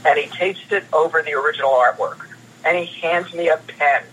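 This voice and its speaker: A man, a guest comics producer, telling animated stories in an interview and repeating words as he goes. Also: fairly high pitch, brisk, a little hiss or hum, poor audio. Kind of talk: anecdotal interview storytelling.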